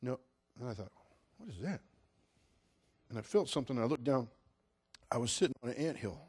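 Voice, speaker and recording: A man preaching a sermon, telling a personal story in an animated way, going from loud outbursts to quiet, prayerful asides. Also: medium pitch, fast, breathy edge. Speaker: pastor.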